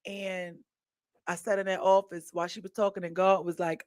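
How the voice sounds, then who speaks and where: A woman hosting a podcast, talking in a chatty, animated storytelling way with asides to her listeners. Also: fairly low pitch, a little fast, dry recording. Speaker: podcast host. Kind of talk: casual monologue.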